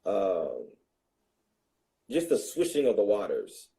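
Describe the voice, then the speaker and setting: Dark, low-voiced man musing slowly. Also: huge pitch swings, rough recording. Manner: measured, lists things in repeated phrases. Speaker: study partner. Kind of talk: casual discussion.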